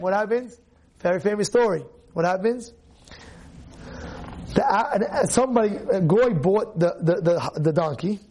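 A man, a rabbi, giving a Torah class, animated, firing rhetorical questions and repeating phrases for emphasis. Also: high-pitched.

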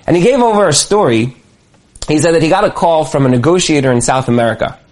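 A fast-talking man whose voice is on the high side gives a motivational talk on marriage. He tells stories animatedly, acting out quotes and repeating phrases for emphasis.

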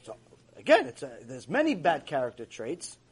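A man's voice: on the high side, huge pitch swings, moderate pace, husky. A man teaching a Torah class as a rabbi, preaching emphatically to a live audience and repeating key phrases. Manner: speaks straight to the audience with rhetorical questions. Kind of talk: sermon-style Torah lecture. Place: warm lecture room with a live audience.

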